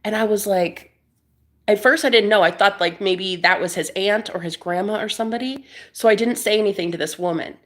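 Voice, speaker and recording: A woman's voice: mid-range voice, brisk. A young woman chatting casually to camera as she tells a story, acting out the people in it, laughing often and dropping to whispers. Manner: animated, laughing, acts out quoted voices, drops to whispers. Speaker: vlogger. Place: Airbnb room indoors.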